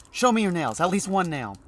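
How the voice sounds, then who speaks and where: A man putting on a frantic, shrill recluse. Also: very animated, moderate pace. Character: paranoid, agitated man shut in his house.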